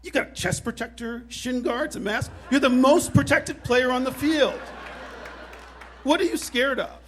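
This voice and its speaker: A man voicing an exasperated father who loudly scolds his teenage son in disbelief. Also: very high voice, animated, normal speed, a little hiss or hum, voice pushed up. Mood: incredulous scolding. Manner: incredulous, raised and shouting.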